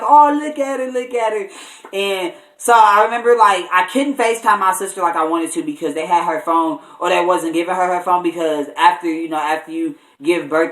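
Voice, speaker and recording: A young man and college student telling a personal story in an animated, casual way, with lots of "like" and restarts. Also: fairly high pitch. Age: young adult. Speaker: vlogger. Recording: echoey room, mic at a distance.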